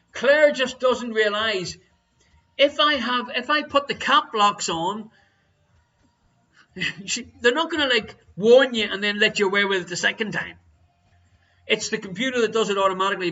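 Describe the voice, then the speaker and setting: A man's voice: high voice, bright, forceful tone, highs cut off. An Irish man hosting a live-streamed quiz, reading out answers and teasing viewers with jokey banter. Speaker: quiz show host.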